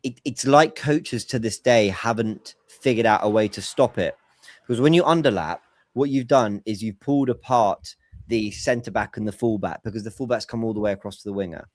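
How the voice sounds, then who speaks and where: A man's voice: lowish voice, normal speed, darkish tone, no room sound. Man breaking down football tactics. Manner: analytical, explains tactics at length. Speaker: podcast host. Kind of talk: casual football podcast chat.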